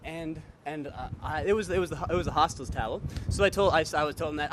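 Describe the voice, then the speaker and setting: Fast-talking young man spinning a yarn. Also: fairly high pitch, a bit bright. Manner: rambling, filler-heavy, acts out quotes. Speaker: hostel guest telling a story. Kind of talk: casual storytelling. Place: hostel common area.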